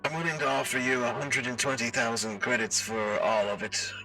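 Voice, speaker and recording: Robot-filtered alien trader. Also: male voice, mid-range voice, fairly even intonation, sharp tone, far from the mic, soft background music, voice pushed up, low-quality recording. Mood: courteous. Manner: formal and halting, with many hesitations. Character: polite, formal male alien trader. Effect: robot voice changer.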